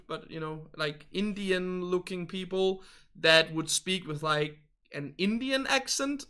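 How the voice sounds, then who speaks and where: A young man, chatting casually with his livestream viewers. He rambles and hedges politely, often searching for words. His voice sits a bit high with a bright, forceful tone. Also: smooth. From Denmark. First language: Danish. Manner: rambling, hesitant, polite hedging. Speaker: game livestreamer.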